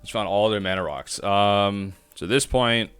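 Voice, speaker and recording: A man's voice: fairly low pitch, normal speed, a bit bright, smooth, no echo, soft background music. A man streaming a card game, thinking aloud in rambling self-talk as he plays. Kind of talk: live-stream gameplay commentary.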